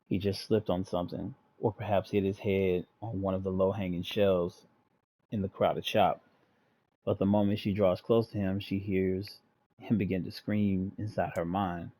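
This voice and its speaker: A man's voice: low-pitched, little pitch movement, normal speed, mellow. A man hosting a gaming channel, reading the story text aloud and breaking in with casual jokes. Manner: reads aloud, breaks off to joke and laugh.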